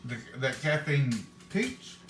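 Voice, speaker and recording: A man's voice: mid-range voice, expressive, slow, a bit bright, reverberant, faint music behind. A man, hosting a live cooking stream and chatting with viewers in a homey, folksy way. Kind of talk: casual chat to viewers.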